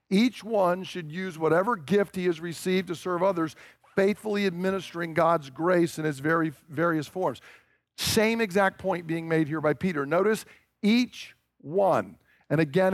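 A man from the American South preaching a sermon, stressing and repeating his key points and slowing down to drive them home. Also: sits high, no room sound. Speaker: pastor.

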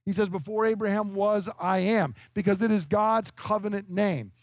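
A man in his fifties with a fairly high voice, recorded dry and close, preaching an expository sermon. He explains point by point and keeps asking his hearers "okay?". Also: moderate pace, no echo. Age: 50s. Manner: emphatic, explanatory, checks in with "okay?". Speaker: preacher teaching scripture.

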